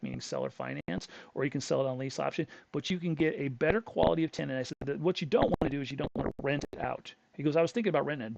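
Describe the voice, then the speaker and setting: A man's voice: mid-range voice, vocal fry, no room sound, lo-fi sound. A middle-aged man hosting a crypto channel, telling a story in a blunt, rambling way with frequent restarts. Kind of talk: casual storytelling monologue.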